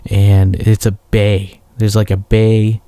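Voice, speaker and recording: A man's voice: on the low side, little pitch movement, takes it slowly, dark tone, clean tone, no echo. A man hosting a podcast, telling a rambling, profane story in a casual solo monologue. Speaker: podcast host.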